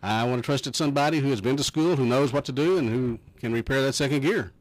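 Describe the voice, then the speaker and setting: A man's voice: medium pitch, fast talker, no room sound, rough recording. Folksy middle-aged male counselor. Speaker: counselor guest. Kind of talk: casual chat.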